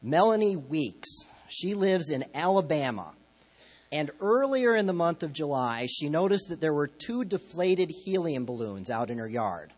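A man preaching a sermon as a pastor, telling stories in a conversational, lightly humorous way. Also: fairly high pitch.

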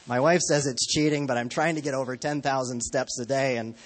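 A man's voice: mid-range voice, steady tone, brisk. A man preaching a sermon as a pastor, telling stories in a conversational, lightly humorous way.

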